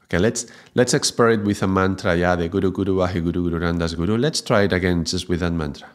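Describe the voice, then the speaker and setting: A man teaching Kundalini Yoga in a gentle spiritual talk, often checking in with "yeah?". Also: sits low, quick pace.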